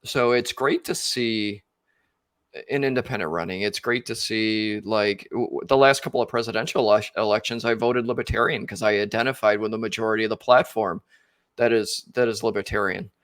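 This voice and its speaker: A man's voice: lowish voice, steady tone, a little fast, a bit bright, no echo. A man, hosting a casual podcast interview and thinking aloud with loose, rambling phrasing. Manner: rambling, many fillers and restarts. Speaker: podcast host.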